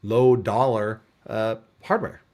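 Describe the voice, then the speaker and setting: A middle-aged man speaking as a guest developer, relaxed and chatty, often pausing with "uh" as he explains. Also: lowish voice. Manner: relaxed storytelling with frequent "uh" fillers. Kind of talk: casual conversation on a video show.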